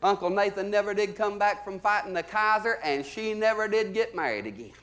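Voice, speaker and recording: Southern male stand-up, high voice, folksy drawling storyteller, live on a theater stage. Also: fairly quick. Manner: folksy drawling storyteller, swings between loud and low. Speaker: stand-up comedian.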